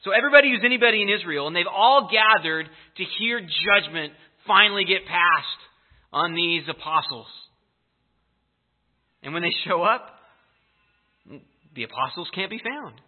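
A man with a fairly high voice preaches a sermon, telling the story in a lively, emphatic way. The sound is thin and tinny, like it was caught over a phone line. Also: normal speed, pauses often. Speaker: pastor.

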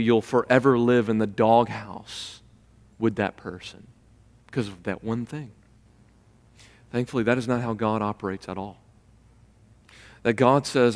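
A man preaching a sermon in a church, rising to loud, emphatic passages and acting out the people he quotes. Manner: builds to loud, high-pitched emphatic preaching; acts out quoted voices mid-sermon. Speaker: pastor. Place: church sanctuary. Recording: long reverb of a large hall.

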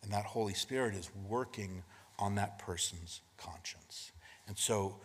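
Husky-voiced pastor preaching in a reverberant hall. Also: male voice, fairly low pitch, unhurried. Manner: conversational preaching, frequent rhetorical "right?"; shifts between emphatic and hushed delivery. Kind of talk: sermon.

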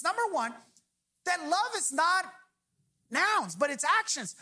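High, bright-voiced woman preaching a sermon. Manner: emphatic preaching, slowing on key phrases, prompting the congregation to finish lines. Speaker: pastor.

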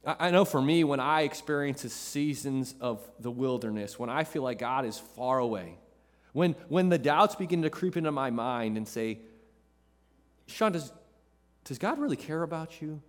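A man's voice: mid-range voice, moderate pace. A man preaches with emphatic, repetitive phrasing. His voice sits in an ordinary middle register. It rings out with the long reverb of a large hall. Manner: emphatic, repeats phrases for effect. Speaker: pastor. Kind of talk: sermon.

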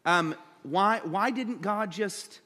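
A man preaching a sermon, telling the story with animated emphasis and acting out the characters' lines. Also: high-pitched, takes it slowly. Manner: animated storytelling, acts out voices with rising emphasis. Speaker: pastor. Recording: long hall reverb.

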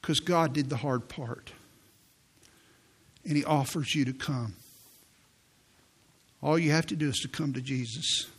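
A husky, medium-pitched man in his sixties preaches from a church sanctuary. As a pastor, he shares stories with earnest conviction and eases his pace when reciting quoted prayers.

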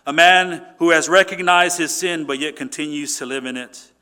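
A male pastor preaching with a bright, forceful tone and a fairly high voice. He drives points home emphatically, then drops to quiet, low asides. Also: moderate pace, clean tone. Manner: emphatic, swings from loud to quiet. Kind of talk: sermon.

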